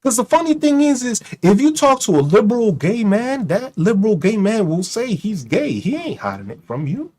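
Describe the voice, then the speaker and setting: A man's voice: high-pitched, very animated, normal speed, hardly any pauses, a little mellow. A man giving a mocking, profane rant as a streamer, firing rhetorical questions and laughing at his own jokes. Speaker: streamer and commentator. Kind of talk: ranting commentary to an online audience.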